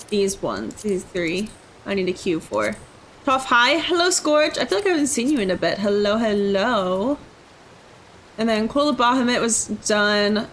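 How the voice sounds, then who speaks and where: A woman's voice: medium pitch, a little hiss or hum. A woman game streamer chatting casually and rambling about her day while she plays. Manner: chatty, self-mocking, rambling. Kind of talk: casual chat while gaming.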